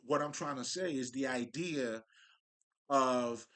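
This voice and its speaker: A man's voice: medium pitch, takes it slowly, fairly bright tone. A man giving a casual, profane spiritual monologue, talking loosely with frequent restarts and slang. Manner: loose, profane street talk, restarts and laughs. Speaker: spiritual speaker.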